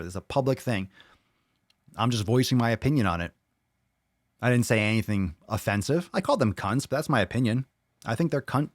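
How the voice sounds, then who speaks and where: Profane ranting man, close dry mic. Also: no room sound. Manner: profane, angry, mocking; animated, swings loud and high for emphasis. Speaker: podcast host. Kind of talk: ranting solo commentary.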